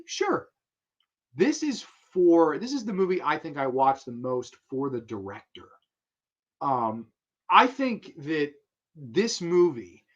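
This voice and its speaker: A man's voice: mid-range voice, muffled recording. A man hosting a casual film talk show, talking with enthusiasm and rambling with fillers and restarts.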